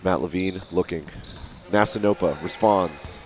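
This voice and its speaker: A man giving live play-by-play commentary, rising to shouts at big plays. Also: low voice, a little slow, soft background music. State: out of breath.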